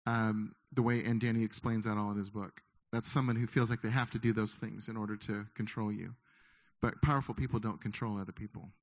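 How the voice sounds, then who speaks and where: A middle-aged man preaching a sermon, lively and conversational, often acting out the doubting voices of his listeners. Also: on the low side, a little fast. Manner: animated, acts out inner voices of listeners. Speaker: pastor.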